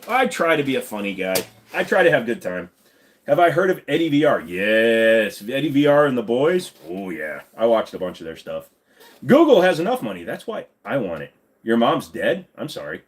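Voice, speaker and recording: Joking livestream host, lively voice. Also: male voice, on the low side, moderate pace. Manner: joking, jumps into silly voices. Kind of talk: casual chat answering viewers.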